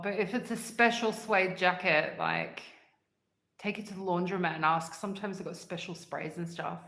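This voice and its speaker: A woman's voice: lowish voice, a bit bright, roomy sound. A woman hosting a livestream, chatting casually and answering live comments in a rambling way and laughing often. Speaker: livestream host.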